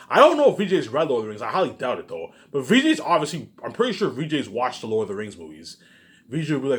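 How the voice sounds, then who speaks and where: Fast-talking boastful man on camera. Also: medium pitch, very animated, a bit bright. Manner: boastful, repetitive, swears freely. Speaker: vlogger. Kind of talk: casual rambling monologue to camera. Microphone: camera mic.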